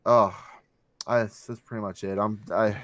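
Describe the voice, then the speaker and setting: A man's voice: lowish voice, little pitch movement, fairly quick, dry recording, lo-fi sound. Profane ranting man, dry close sound. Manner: profane, ranting, mocking voices in quotes. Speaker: podcast co-host. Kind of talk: casual movie review chat.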